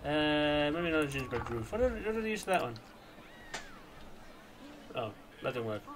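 A young man casually commenting on his own gameplay, rambling and chatty, with sudden silly shouts. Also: fairly high pitch, expressive, moderate pace, background noise. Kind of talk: casual let's-play commentary.

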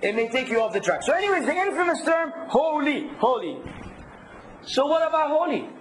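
Animated high-voiced man teaching a workshop. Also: quick pace, a little hiss or hum, rough recording. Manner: animated, quizzes the audience and acts out hecklers. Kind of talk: workshop lecture.

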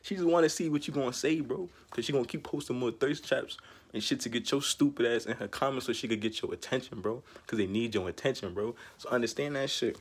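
A young male vlogger rants casually to camera, animated and profane, in heavy street slang. His mid-range voice is fast and husky, and he laughs often mid-rant.

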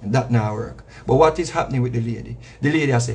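A Jamaican-accented reggae artist talks fast with vocal fry in a medium-pitched, slightly mellow voice, over a little hiss or hum. His casual, preachy monologue repeats itself for emphasis and includes slang asides.

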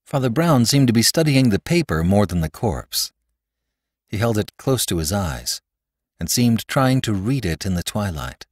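A man narrating a classic story in an expressive, dramatic reading style as a podcast host. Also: fairly low pitch, normal speed, no echo, clean studio sound. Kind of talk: audiobook narration.

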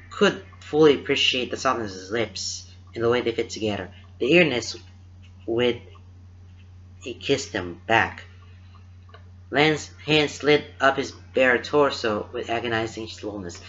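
Bright-voiced man reading a story aloud. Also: medium pitch. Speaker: fan fiction reader. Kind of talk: storybook narration. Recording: dull lo-fi recording.

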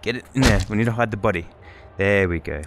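A man doing loud, excitable, profane gameplay commentary, taunting enemies as he plays. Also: lowish voice, fast talker, very noisy. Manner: loud, excitable, swearing, trash-talking. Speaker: gaming YouTuber.

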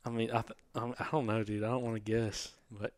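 A man's voice: on the low side, brisk. A man co-hosting a casual hunting podcast, telling stories with lots of "dude" and "listen". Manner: animated storyteller, laughs often, says "dude" and "listen". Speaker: podcast co-host.

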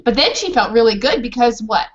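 Woman author, fairly high and lively, talks to kids over a lo-fi call. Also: fairly quick. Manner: animated, questioning the children. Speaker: children's author. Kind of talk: storytelling and class discussion. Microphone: video call. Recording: dull lo-fi video call.

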